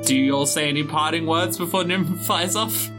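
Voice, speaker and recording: A man running a tabletop role-playing game as game master, describing scenes in a relaxed storytelling manner. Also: fairly high pitch, normal speed. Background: background music.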